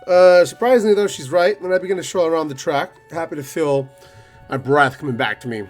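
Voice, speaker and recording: A man's voice: fairly high pitch, brisk. Young man, let's play host, profane, rambling, joking, slightly out of breath, faint music behind. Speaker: gaming video host. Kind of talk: let's play commentary reading a visual novel.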